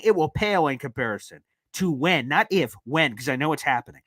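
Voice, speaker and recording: A young man hosting a live sports fan call-in show, talking in an excitable, rambling and emphatic way. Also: fairly high pitch, brisk, no room sound. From northeastern United States.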